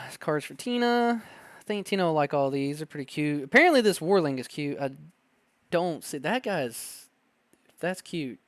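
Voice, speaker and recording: A man hosting a casual card-opening video, chatting excitably and reading card text aloud. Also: on the high side, normal speed, dry recording. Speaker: card-opening channel host. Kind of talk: casual unboxing chat.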